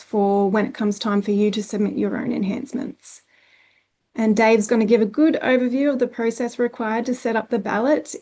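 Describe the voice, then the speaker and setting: A woman's voice: a little high, dark tone. A woman with an Australian accent presenting a conference session, speaking plainly with frequent ums and restarts. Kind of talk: presenting a webinar talk.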